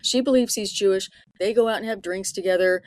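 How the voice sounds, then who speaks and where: A woman's voice: medium pitch, brisk, darkish tone. A woman co-hosting a casual film discussion podcast, analyzing characters and backing her partner with frequent murmurs of agreement. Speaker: podcast co-host.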